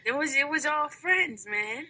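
A woman adds easygoing, teasing remarks in a casual chat. Her tone is very bright and cutting, a little high, and her pitch moves a lot. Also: expressive, unhurried. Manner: laid-back, teasing interjections.

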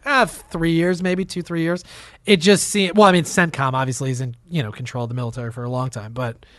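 A man's voice: on the high side, flat delivery, fairly quick, fairly bright tone, no echo, clean studio sound. A man co-hosting a podcast, chatting casually and bluntly about politics, swearing and laughing often. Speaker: podcast co-host.

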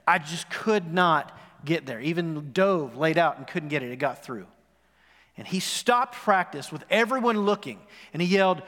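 The long reverb of a worship hall surrounds this forties-aged pastor preaching in a church sanctuary. His fairly high voice is a bit bright and expressive at normal speed, and he tells a story while putting questions to the congregation.

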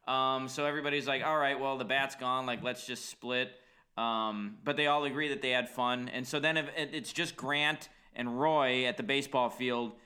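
A man's voice: medium pitch, fairly even intonation, normal speed, pushed and bright. A man co-hosting a casual podcast, retelling a film's plot in a loose, conversational way with many fillers. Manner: loose, uses many fillers, sympathetic asides. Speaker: podcast co-host. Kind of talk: casual movie recap chat.

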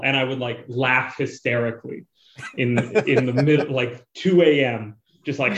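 A man's voice: medium pitch, steady tone, measured pace. Guy from the canadian bush rambling w lots of likes, roomy dull-sounding mic. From rural Canada. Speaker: comic book writer, guest. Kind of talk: casual podcast interview.

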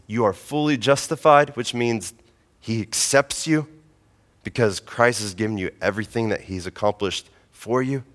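A man's voice: sits low, a bit bright, in a large hall. A man preaching a sermon as pastor, earnest and emphatic.

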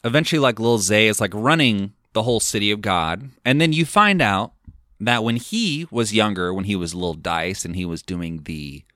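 Low-voiced man recapping a film casually. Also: expressive, normal speed, pushed and bright, no room sound, clean studio sound. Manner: rambling, filler-heavy retelling with quoted lines. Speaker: podcast host.

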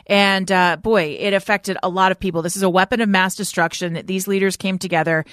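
A woman's voice: mid-range voice, steady tone, brisk, a bit bright, no echo, studio quality. A woman co-hosting a talk radio show, running through news headlines in a conversational way with casual asides. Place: radio studio.

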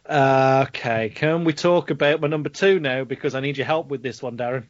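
A man's voice: mid-range voice, brisk, no echo, dull audio. A man with a Black Country accent, co-hosting a casual film review podcast, swearing and laughing through a rant. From Black Country, England. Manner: sweary, ranting, laughing often. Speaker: podcast co-host.

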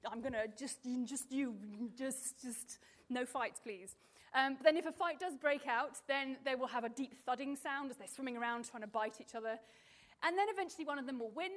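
A woman with a fairly high voice leads a public science talk for families, chatty and playful. She keeps her presentation light, with plenty of ums as she goes. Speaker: marine biologist giving a public talk. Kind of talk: lively presentation to a live audience with children. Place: stage in front of an audience.

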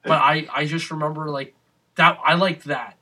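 An excitable young man in loose, casual chat, swearing freely and acting out his own reactions. His voice is bright and sharp, pitched a little high. He sits a bit back from the mic. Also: normal speed, distant mic, slight background noise.

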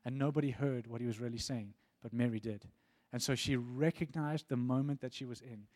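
A man preaching with earnest conviction, his pitch sitting at an ordinary middle level. He repeats words as he builds toward each point, then drops softer as he invites a response. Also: fairly even intonation, brisk. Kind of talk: sermon.

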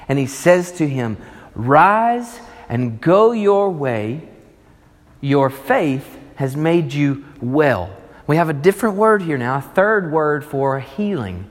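A male pastor preaching a sermon, emphatic and swinging between loud and hushed delivery. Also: on the high side. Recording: long reverb of a large hall.

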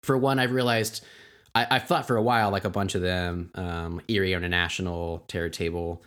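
A man's voice: low voice, steady tone, fairly quick, fairly bright tone. A man co-hosting a podcast, rambling and joking in casual chat. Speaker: podcast co-host.

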